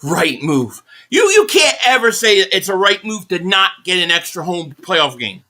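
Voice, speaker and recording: A man livid over a football game runs a reaction stream, reading viewer messages, swearing bluntly and returning again and again to one complaint. His bright, forceful delivery is sing-song and unhurried, with pitch swinging widely from line to line.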